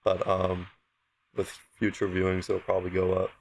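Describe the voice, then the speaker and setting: Podcast co-host, male, low-pitched, easygoing, hesitant film chat. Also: completely flat delivery, moderate pace, slight background noise. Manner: easygoing, hesitant, swears casually. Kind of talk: casual film review chat.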